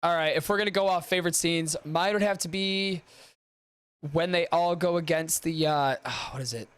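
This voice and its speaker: Slightly high-voiced enthusiastic guest man. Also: a bit bright, smooth, no room sound. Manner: enthusiastic, quick to agree. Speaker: podcast guest. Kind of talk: casual podcast chat.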